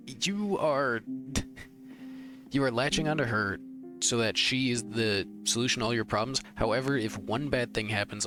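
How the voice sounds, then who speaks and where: A young man giving emotional, rambling gameplay commentary, arguing with the characters on screen. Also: mid-range voice. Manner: rambling, heated, talks to the screen. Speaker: let's play gamer. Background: game music.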